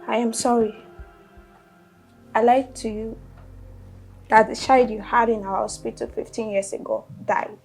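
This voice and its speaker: A shrill Nigerian nurse accusing loudly. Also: female voice, fairly even intonation, measured pace, pauses often, low-quality recording. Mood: confessing. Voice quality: shrill, pidgin-tinged accusing. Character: scheming female nurse, adoptive mother, loud accuser. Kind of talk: Nollywood film acting. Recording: film soundtrack with music underneath.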